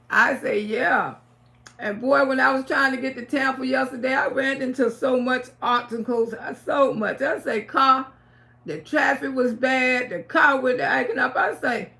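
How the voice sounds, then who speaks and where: A middle-aged woman chats on a live stream with a high, gravelly voice. She talks bluntly and curses freely, repeating her points for emphasis as she speaks to her viewers. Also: steady tone, unhurried, bright, forceful tone.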